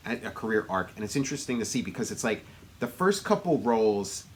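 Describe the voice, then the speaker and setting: A man's voice: fairly low pitch, sing-song, quick pace, slight background noise. A man co-hosting a podcast, chatting casually about movies in a musing way that trails off into restarts. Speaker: podcast co-host.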